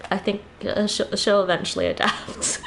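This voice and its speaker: A woman's voice: mid-range voice, big pitch swings, normal speed, fairly bright tone, slight background noise. A Canadian woman chatting casually while streaming a game, a little tired, thinking aloud and laughing often.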